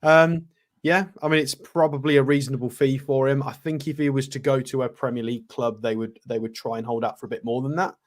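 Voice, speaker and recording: A man's voice: medium pitch, steady tone, fairly quick. A man co-hosting a casual stream, giving matter-of-fact views on football. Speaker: co-host pundit.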